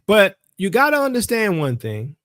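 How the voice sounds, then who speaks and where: A man teaching his followers in a loose, colloquial monologue, his voice swinging widely up and down as he tells his story. His pitch sits somewhat high for a man. The sound is close and dry, with no room around it. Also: huge pitch swings, moderate pace, a bit bright, dry recording. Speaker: religious teacher. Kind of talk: casual religious commentary monologue.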